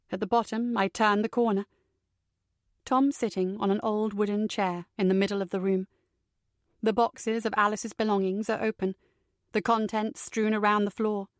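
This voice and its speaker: Brief: woman, slightly high voice, measured thriller narration, dry close recording. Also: smooth, dry recording. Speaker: audiobook narrator.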